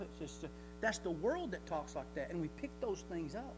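A man's voice: sits high, very animated, normal speed, noisy background. A man preaching a sermon in a folksy way, asking rhetorical questions and chuckling often.

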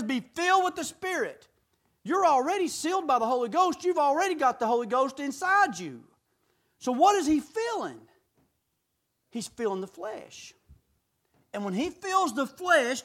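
A man preaching in a church, his voice sitting unusually high for a man. He drops to hushed warnings and then climbs into shouted, rapid-fire questions to the congregation. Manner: fiery, swings from hushed to shouting. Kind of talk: sermon. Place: church sanctuary.

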